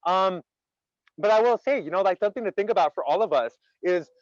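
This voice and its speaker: A man leading an interactive online laughter workshop, animated and chatty, quizzing his audience and filling his speech with "like". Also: high voice, fast, no room sound, muffled recording. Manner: animated, chatty, asks audience questions, many "like" fillers.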